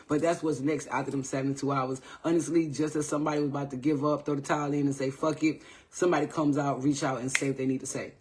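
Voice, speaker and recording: A man giving a casual live tarot reading, chatty and repetitive, often checking in with viewers. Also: fairly high pitch. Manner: loose, repetitive, greets viewers by name, says "all right?" often. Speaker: tarot reader on a livestream.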